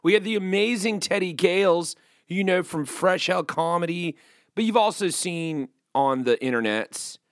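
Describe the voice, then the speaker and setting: A man's voice: high voice, normal speed, dry recording, clean studio sound. A man hosting his comedy podcast, rambling in a self-mocking way and hungover. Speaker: podcast host. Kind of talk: casual comedic podcast chat.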